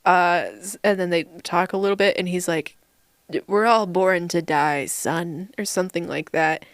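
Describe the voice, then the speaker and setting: A woman's voice: lowish voice, dry recording, studio quality. A woman co-hosting a podcast in a casual movie review chat, laughing often as she pokes fun at a film. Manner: laughs often, mocking and playful. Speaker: podcast co-host.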